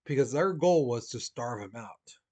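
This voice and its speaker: Male teacher, mid-pitched voice, loose conversational lecture style, acts out quotes. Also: lively intonation, moderate pace, mellow. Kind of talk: recorded history lesson.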